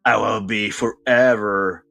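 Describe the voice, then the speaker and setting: Slow-talking relaxed artist guy. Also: on the low side, creaky, faint music behind. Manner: relaxed, rambling, self-deprecating. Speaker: artist host. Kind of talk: casual drawing vlog talk.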